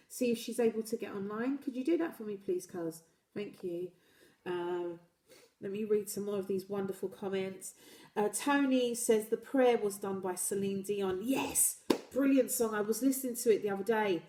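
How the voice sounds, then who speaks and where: A woman hosts a live online talk show and reads out viewer comments in a chatty, encouraging way. Her voice sits in a middle pitch, and she laughs easily. The sound carries a noticeable room echo. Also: a little mellow. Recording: echoey room.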